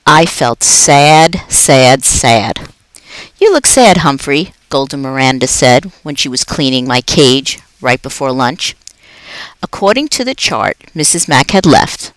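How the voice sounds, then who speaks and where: A woman, a school reading specialist, reading a children's chapter book aloud with expressive storytelling and dramatic pauses. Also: low voice, no echo, poor audio.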